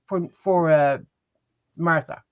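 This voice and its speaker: A woman's voice: deep voice, steady tone, takes it slowly, no echo, dull audio. A woman co-hosting a live sale, reading out buyers and lots in short, casual bursts. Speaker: sale co-host tracking buyers. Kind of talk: casual chat.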